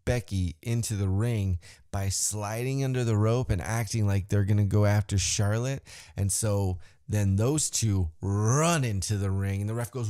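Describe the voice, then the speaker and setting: A man hosting a podcast, recapping a wrestling show in a casual, profane way and acting out the wrestlers' lines in a higher voice. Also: mellow, clean tone, dry recording, studio quality. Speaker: podcast host.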